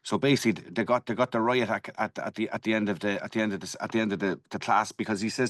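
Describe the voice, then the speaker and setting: Fast-talking Irish man, dry close sound. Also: fairly low pitch, steady tone, no echo. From Ireland. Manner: swears freely, tells stories with energy. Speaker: podcast co-host, martial arts black belt. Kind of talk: casual chat.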